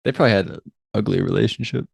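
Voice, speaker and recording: A laid-back man co-hosting a film podcast, dropping dry remarks and casual swearing. His voice is gravelly, with a lot of vocal fry, and the sound is close and dry. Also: on the low side, rapid-fire, dry recording. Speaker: podcast co-host. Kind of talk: casual chat.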